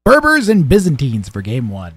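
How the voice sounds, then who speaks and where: A man's voice: medium pitch, huge pitch swings, normal speed, a bit bright, husky, no echo. A young man streaming a strategy game, chatting casually with viewers and commentating, rambling with lots of fillers and restarts.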